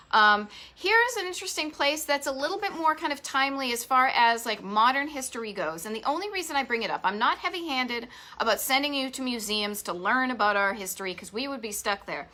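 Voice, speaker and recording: A woman's voice: mid-range voice, pushed and bright. A woman with a Boston accent hosting a retro travel live stream, talking in an enthusiastic, rambling way with lots of asides. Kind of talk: chatty live stream monologue. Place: home garage office.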